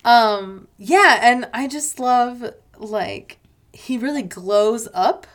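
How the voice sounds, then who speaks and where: Gushing woman, slightly high voice. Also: drawn-out words. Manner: gushing, quotes movie lines in put-on voices. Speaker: podcast co-host. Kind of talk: casual chat.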